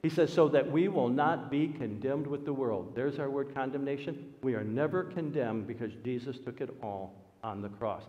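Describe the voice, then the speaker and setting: Pastor preaching in a reverberant church. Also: male voice, medium pitch, normal speed. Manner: animated storytelling, voice rising for emphasis. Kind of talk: sermon. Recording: dull sound with long hall reverb.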